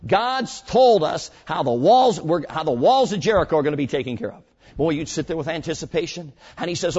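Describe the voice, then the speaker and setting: Animated preacher man, lo-fi recording. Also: fairly high pitch, brisk, slightly rough. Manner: animated, swings from loud shouts to soft asides. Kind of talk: sermon. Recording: dull lo-fi sermon recording.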